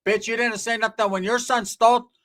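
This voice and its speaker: A man's voice: very high-pitched, flat delivery, fairly quick, a bit bright, pitched above the performer's own voice. A man voicing a brash, profane mother who eggs on her thieving son. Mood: defiant.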